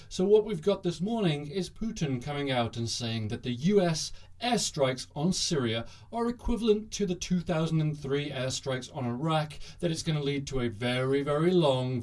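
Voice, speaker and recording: A man's voice: a little high, a little mellow. A man hosting a satirical news monologue, talking in a sarcastic, jokey way. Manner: sarcastic, jokey, bursts into mock cheering. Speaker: host.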